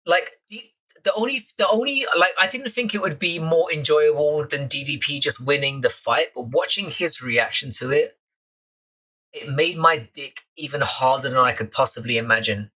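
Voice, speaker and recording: A young man from London talks off the cuff to his live chat, swearing freely and ribbing the regulars. His tone is bright and forward, with a casual, unscripted flow. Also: on the high side, normal speed. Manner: crude, swearing, teasing chat readers. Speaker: live stream host.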